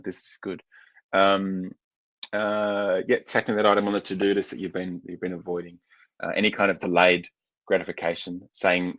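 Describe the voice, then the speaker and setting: A man's voice: sits low, no echo, muffled recording. A man, presenting a mental health webinar as a coach in a casual, chatty way, full of fillers and restarts.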